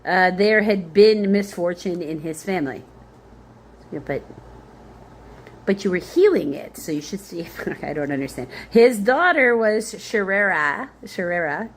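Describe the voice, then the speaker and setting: A woman with a lowish voice works slowly through a Bible passage, spelling out difficult names letter by letter. She pauses to think aloud between verses. A faint hiss of noise sits under the recording. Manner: thinks aloud with fillers and small laughs. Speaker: Bible study leader. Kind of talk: reading scripture aloud with commentary.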